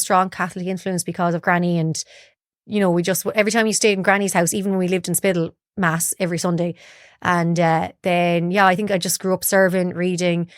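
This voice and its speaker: A woman's voice: lowish voice, smooth, dry recording, studio quality. An Irish woman from Galway, a broadcaster guest telling chatty stories about her life and acting out quoted dialogue. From Ireland, Galway. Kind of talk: casual storytelling interview.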